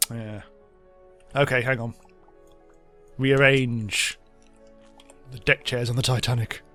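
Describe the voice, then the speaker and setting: A man's voice: mid-range voice, a bit bright. A man hosting a let's play, giving rambling, self-mocking commentary as he thinks aloud. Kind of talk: casual gameplay commentary.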